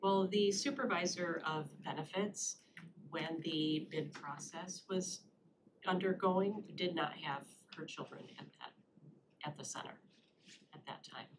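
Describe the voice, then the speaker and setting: A woman on county staff answering committee questions in a measured, explanatory way, pausing with fillers. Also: fairly low pitch. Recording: noisy public meeting room.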